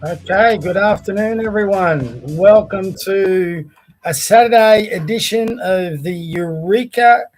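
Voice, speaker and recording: Aussie guy rambling on his daily podcast, kinda high voice, chats to his dog a lot. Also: slow pace, soft background music. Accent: Australian. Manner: rambling, chatty, laughs often, talks to his dog. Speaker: podcast host. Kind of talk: casual solo vlog chat. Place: home by the bay.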